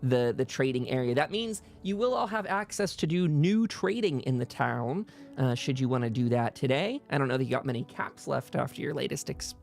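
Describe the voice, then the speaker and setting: Gravelly man running a tabletop game. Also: mid-range voice, animated, fairly quick, faint music behind. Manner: rambling, with many fillers. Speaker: game master.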